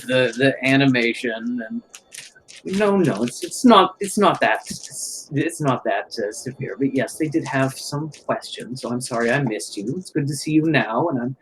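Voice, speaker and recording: A man voicing a careful, considerate male arcanist with a British accent, speaking in a polite, measured way. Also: medium pitch, a little hiss or hum, low-quality recording.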